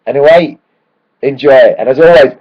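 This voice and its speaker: A croaky-voiced man rants casually about his football team for a home vlog, getting excitable and swearing freely as he talks. His voice sits at a middling pitch. The recording is dull and lo-fi. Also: fairly quick. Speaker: football fan vlogger. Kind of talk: casual fan rant to camera.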